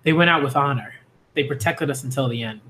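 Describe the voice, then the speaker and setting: A man reviewing a manga chapter, reading the panels aloud and reacting live, swinging between loud cheering and hushed reading. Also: mid-range voice, quick pace.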